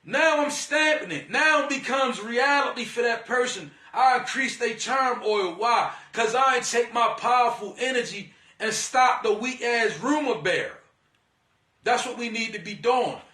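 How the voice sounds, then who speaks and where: A man's voice: very high voice, expressive, measured pace, sharp tone, roomy sound, far from the mic. A man giving a blunt, slangy spiritual pep talk, preachy and profane, calling the listener "divine being". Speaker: spiritual energy reader.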